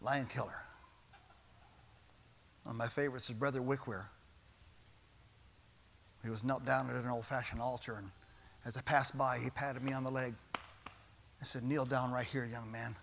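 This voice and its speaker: A man's voice: medium pitch, steady tone, normal speed, vocal fry, pauses often, fairly bright tone, slight background noise. A man preaching a sermon as pastor in a church, building his points with repeated refrains and rising intensity.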